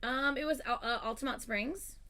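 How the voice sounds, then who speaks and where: A woman's voice: high-pitched, moderate pace, sharp tone. A woman hosting a livestream, chatting casually and animatedly as she tells a story, swearing freely. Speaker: livestream host.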